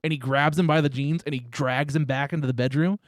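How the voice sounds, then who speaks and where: A man hosting a casual podcast, telling crude stories loudly and teasing his guest. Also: on the high side, fairly even intonation, brisk, dry recording, studio quality. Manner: loud, teasing, swears a lot. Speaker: podcast host. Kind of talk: casual chat, crude storytelling. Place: room at home.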